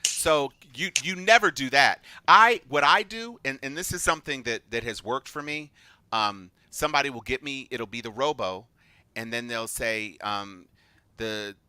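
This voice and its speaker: A man's voice: medium pitch, normal speed, clear, resonant tone, no echo. A man co-hosting a political chat show, telling stories and acting out the people he quotes. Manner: animated storyteller, acts out quotes. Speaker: podcast co-host.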